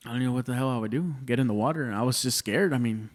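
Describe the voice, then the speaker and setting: A man in his thirties, a guest comedian, talks very fast in a mid-range voice. He rambles through stories in casual conversation, swearing freely and calling everyone "dude."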